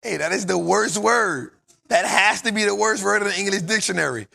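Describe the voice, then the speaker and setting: A man with a New Orleans accent hosting a casual podcast chat, animated and laughing often, repeating himself. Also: high voice, a little fast, creaky. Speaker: podcast host.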